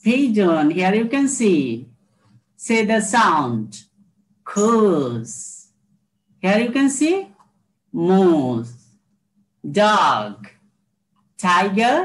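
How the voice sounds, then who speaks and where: Lively man teaching English. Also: high voice, very slow, long pauses. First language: Bengali. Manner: drills words and repeats them, then translates each line; addresses listeners as "my dear student". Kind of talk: recorded classroom lesson.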